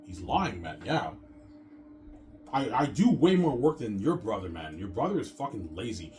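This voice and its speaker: A man's voice: mid-range voice, big pitch swings, normal speed, a little mellow, a little hiss or hum. A man in a casual rant to his viewers, rambling and stammering, repeating the same filler words and swearing often. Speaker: vlogger.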